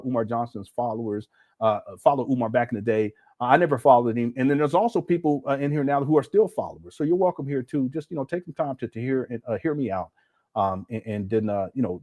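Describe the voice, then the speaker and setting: A man hosting a casual livestream, reading viewer messages and commenting with animated, incredulous energy and many fillers. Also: medium pitch. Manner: animated, incredulous, talks to chat, frequent fillers. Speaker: livestream host reading super chats.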